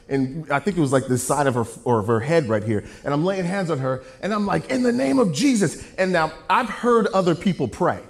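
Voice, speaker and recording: A male preacher telling a sermon story, his voice bouncing up and down with lively energy and a fairly high pitch. He jokes at his own expense and keeps the room engaged with quick asides. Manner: animated, joking storyteller.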